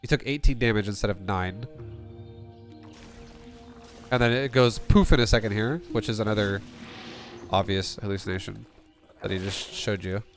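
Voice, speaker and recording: A man's voice: on the low side, moderate pace, long pauses, faint music behind. A man coaching a player through a game replay, blunt and rambling, swearing often and restarting sentences. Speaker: StarCraft coach. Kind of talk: casual replay coaching with profanity.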